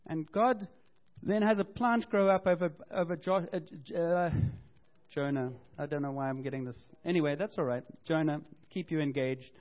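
A man preaching a sermon as pastor, animated and storytelling, acting out quotes and correcting himself as he goes. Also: fairly high pitch, moderate pace. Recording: dull lo-fi sound.

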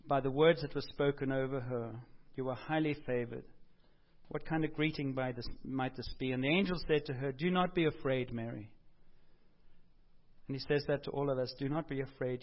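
A man preaching a sermon in a conversational, animated way, rising for emphasis and dropping softly when quoting. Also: mid-range voice, brisk. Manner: conversational, animated, rises for emphasis and drops softly for quoted words. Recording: dull lo-fi sound.

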